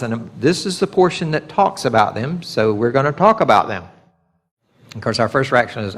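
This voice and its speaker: A man's voice: medium pitch, expressive, fairly quick, fairly bright tone. Conversational male Bible teacher. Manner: conversational, acts out God's voice in quotes. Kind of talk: sermon teaching.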